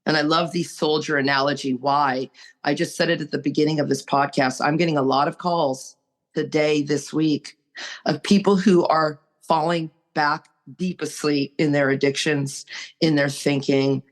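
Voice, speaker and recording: A woman's voice: low voice, fairly even intonation, normal speed. A woman sharing on a recovery podcast, earnest and preachy as she urges listeners on. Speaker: recovery group member.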